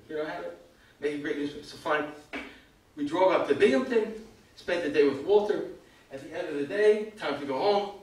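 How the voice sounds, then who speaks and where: An older American man telling a humorous story at a community evening, self-mocking and animated, acting out other people's lines. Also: on the high side. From United States. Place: event hall. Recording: echoey hall, far from the mic.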